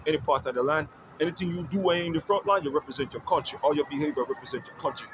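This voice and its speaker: Man, high-pitched voice, emphatic street rant, repetitive, outdoors, faint car noise. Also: rapid-fire. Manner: emphatic, repetitive, keeps asking "you understand?". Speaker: musician promoting his music. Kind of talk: street-side vlog rant.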